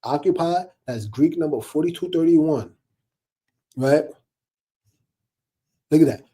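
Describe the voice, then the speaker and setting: A man talks straight to his viewers in a loose, preachy monologue, with a very dark, mellow tone and a husky edge. His delivery is animated and slightly higher-pitched than most men's, and he often breaks into laughs while calling out to "y'all.". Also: slow pace. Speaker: online commentator.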